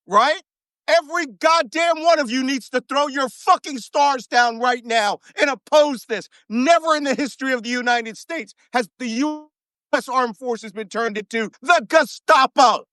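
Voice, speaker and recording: A man's voice: very high-pitched, measured pace, pushed and bright, no echo. Brief: ex-navy man, guest commentator, emphatic and foul-mouthed, dry sound. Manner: profane, ranting, emphatic. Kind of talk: heated talk-show commentary.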